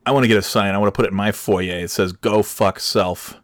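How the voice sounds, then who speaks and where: A man's voice: on the low side, rapid-fire, no echo, studio quality. A middle-aged man hosting a podcast, ranting alone in a sarcastic, profane way. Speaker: podcast host. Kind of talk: solo comedic rant.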